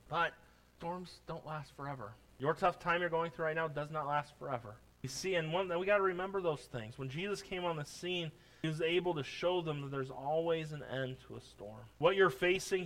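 A male pastor preaching a sermon, building from soft musing to emphatic declarations, repeating phrases and reading scripture in old-fashioned wording. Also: fairly high pitch.

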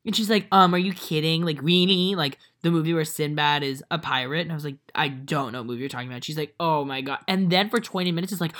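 A woman's voice: sits low, fast talker, few pauses. A woman in her twenties co-hosting a podcast, telling stories in casual chat, acting out quotes with lots of fillers. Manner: animated storyteller, acts out quotes, many fillers. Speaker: podcast co-host.

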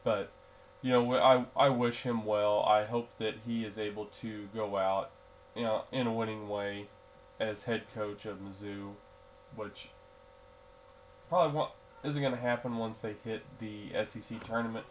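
A man's voice: lowish voice, fairly even intonation, unhurried, a little hiss or hum, low-quality recording. A man hosting a solo sports podcast, talking casually in a groggy early-morning voice, rambling with fillers and restarts. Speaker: podcast host.

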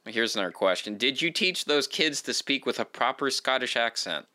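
A man's voice: medium pitch, lively intonation, normal speed, bright, forceful tone, dry recording, studio quality. A man hosting a podcast interview, asking rambling questions full of fillers. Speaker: podcast host. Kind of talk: casual interview chat.

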